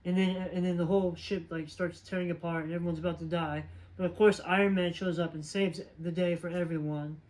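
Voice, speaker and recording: A man with a notably high voice talks through a film's story in a loose, chatty recap. He wanders from scene to scene and fills the gaps with plenty of filler words, like an informal reviewer talking straight to the camera. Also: level tone, fairly quick, a little mellow, poor audio. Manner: rambling, filler-heavy retelling. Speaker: movie reviewer. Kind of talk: casual movie plot recap.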